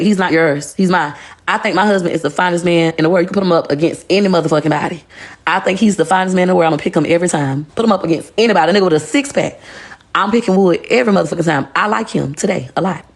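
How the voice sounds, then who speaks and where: A woman, ranting bluntly and profanely on a phone livestream. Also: lowish voice. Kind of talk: casual rant on a livestream.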